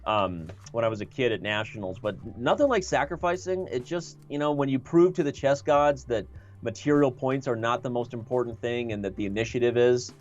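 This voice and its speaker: A man's voice: mid-range voice, brisk, highs cut off, soft background music. A man commentating a chess game he is playing on a live stream, joking and thinking aloud.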